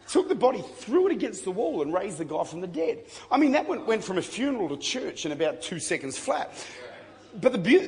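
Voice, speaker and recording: A man preaching a sermon, telling a story with lively jokes and bursts of shouting, in a large church hall. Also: high-pitched. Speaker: pastor. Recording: long hall reverb, faint crowd ambience.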